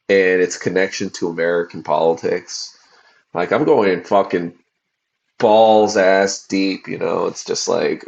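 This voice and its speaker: A man in his forties, a podcast host, rambling casually on a livestream with lots of profanity and fillers, tired from fasting. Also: low-pitched, gravelly, dull audio. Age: 40s.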